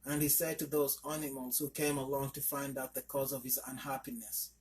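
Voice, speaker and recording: A man's voice: mid-range voice, flat delivery, a little fast, few pauses. A man narrating a folk tale, reading steadily with small slips. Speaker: storyteller.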